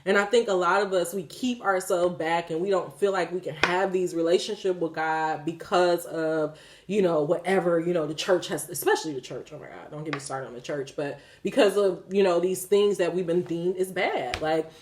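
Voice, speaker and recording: A woman's voice: fairly low pitch, moderate pace, slight background noise. A woman in her thirties talking candidly to her viewers about faith, swearing freely and laughing as she goes. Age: 30s. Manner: profane, animated, laughing, talks straight to viewers. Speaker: spiritual vlogger. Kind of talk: candid spiritual talk to camera.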